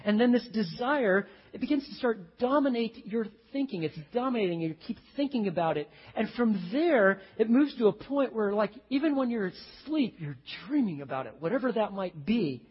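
A man's voice: high voice, normal speed, few pauses, breathy edge, in a large hall, highs cut off. A man preaching a sermon, telling stories and acting out the voices of the people in them. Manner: animated storytelling, acts out quoted voices. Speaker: pastor.

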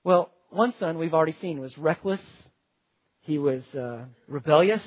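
A man with a high, husky voice delivers an earnest sermon, stressing one word after another as he builds long lists. The sound is dry and a little dull, with a lo-fi edge. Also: normal speed, dry recording. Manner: emphatic, earnest, piles up lists of words. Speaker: preacher.

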